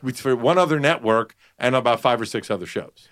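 A man who owns a podcast network, talking business in a brisk, casual chat. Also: medium pitch, lively intonation, a bit bright, no room sound, clean studio sound.

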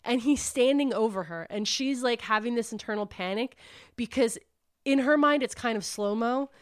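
A woman's voice: a little high, moderate pace, smooth. A woman hosting a book club podcast, casually retelling a novel's plot and acting out the characters' lines. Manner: animated storyteller acting out quotes, says "like" often.

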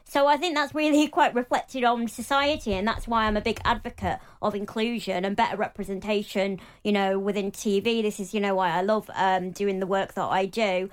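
A young woman talking openly as an interview guest, chatty and animated, with lots of fillers. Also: medium pitch, brisk, few pauses, clear, resonant tone. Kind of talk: casual interview talk.

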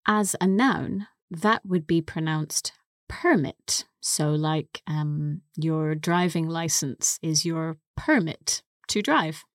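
A woman co-hosting a podcast English lesson, explaining words slowly and carefully into a close studio mic. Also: low-pitched, dry recording. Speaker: co-host and English teacher.

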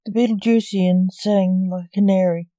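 A woman narrating a sci-fi storybook in a steady, even reading. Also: mid-range voice, moderate pace, no echo.

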